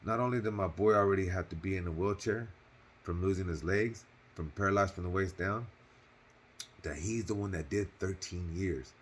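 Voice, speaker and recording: A man's voice: sits low, normal speed, slight background noise. A man casually telling a personal story on his channel, in loose slang with cursing and lots of fillers, earnest and heartfelt.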